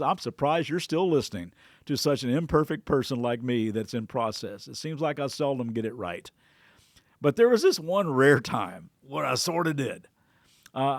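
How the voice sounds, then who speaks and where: A man's voice: mid-range voice, no echo, studio quality. A middle-aged man, a pastor hosting a devotional podcast, tells a personal story in a chatty way, with frequent restarts and quotes he acts out.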